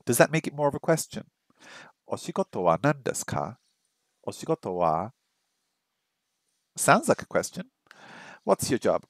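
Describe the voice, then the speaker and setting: A man's voice: medium pitch, sing-song, moderate pace, vocal fry, long pauses, no room sound, studio quality. A man on a casual study stream, thinking aloud, repeating phrases over and over and joking at his own mistakes. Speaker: streamer learning a language. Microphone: streaming microphone that picks up his voice weakly.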